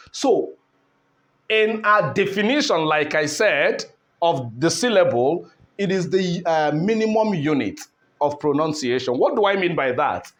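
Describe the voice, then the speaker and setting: Slow, high-voiced male English teacher. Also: fairly bright tone. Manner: slow, deliberate, repeats words and asks rhetorical questions. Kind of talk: classroom lesson at a board.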